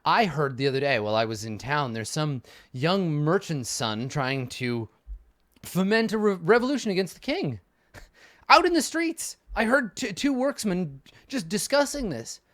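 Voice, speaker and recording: A man's voice: mid-range voice, normal speed, few pauses, fairly bright tone, no room sound, studio quality, natural voice. A man voicing a proud, stern noble warrior uncle who scorns cowardice in a tabletop role-play. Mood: boastful.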